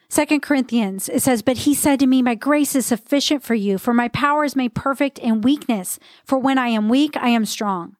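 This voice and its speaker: An earnest woman with a fairly high voice gives an encouraging devotional fitness talk and reads scripture aloud with conviction. The recording is close and dry, with no room sound around her. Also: no room sound. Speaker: podcast host and faith-based fitness coach. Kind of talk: motivational devotional podcast talk.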